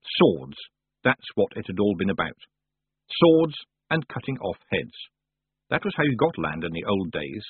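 A man narrating a humorous fantasy novel in a wry, expressive storytelling manner. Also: sits low, unhurried, slightly rough, no room sound. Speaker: audiobook narrator. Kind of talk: audiobook narration. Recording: dry, tinny phone-like sound.

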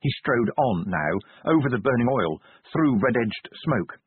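A man narrating a novel as an audiobook reader, in measured storytelling. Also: husky. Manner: measured storytelling with lively pitch. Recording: phone-like lo-fi audio.

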